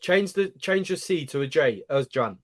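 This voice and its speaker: A man's voice: high-pitched, normal speed. A man on a casual football panel, teasing and correcting how names are said. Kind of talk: casual chat.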